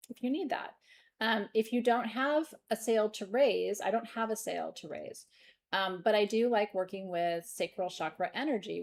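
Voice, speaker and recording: A middle-aged woman hosting a live stream sale, joking and laughing as she shows off stones. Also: mid-range voice. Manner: playful, giggly, jokey. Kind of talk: live-stream sales chat.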